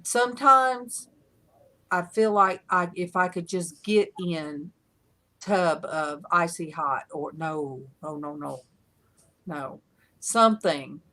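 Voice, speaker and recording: A woman's voice: lowish voice, slow, bright, forceful tone. A woman hosting a casual online panel chat, telling rambling stories with frequent laughter over a video call.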